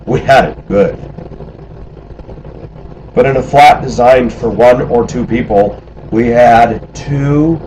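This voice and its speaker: A man's voice: mid-range voice, slight background noise, rough recording. A middle-aged man casually telling stories from his life abroad, acting out the voices of people he quotes. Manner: animated, acts out quoted voices. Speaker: storyteller recalling life abroad. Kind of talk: casual spoken storytelling.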